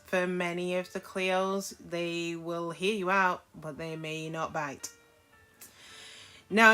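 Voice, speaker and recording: A woman's voice: lowish voice, pushed and bright, smooth. A woman giving a casual tarot reading to camera, frank and chatty, often checking in with her listeners. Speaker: tarot reader.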